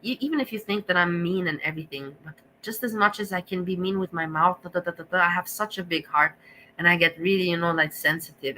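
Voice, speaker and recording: Emotional swearing woman streamer, bright voice. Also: lowish voice, a little hiss or hum, poor audio. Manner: emotional, swearing, rambling restarts. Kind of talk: emotional casual monologue to viewers.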